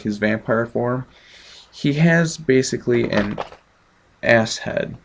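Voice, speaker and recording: A man's voice: fairly low pitch, creaky. A man giving a casual, offhand movie review, chatty with many ums.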